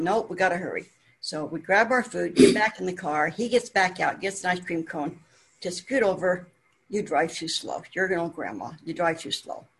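A woman's voice: on the low side, slight background noise. A woman from Wyoming telling a personal story in a homespun way, acting out the quoted dialogue as she goes.

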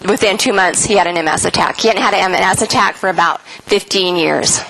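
A woman's voice: lowish voice, fairly quick, creaky, no room sound, low-quality recording. A middle-aged woman, an author, giving an earnest spiritual talk to an audience and telling stories animatedly. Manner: earnest, animated storytelling, acts out quoted voices. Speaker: speaker and author.

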